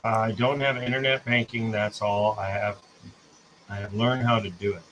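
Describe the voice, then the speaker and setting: Streamer type: American man, bright and forward tone, chatty and self-correcting. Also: mid-range voice, steady tone, normal speed, slight background noise, rough recording. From United States. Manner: rambling, self-correcting, talks to chat. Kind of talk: casual chat on a live stream.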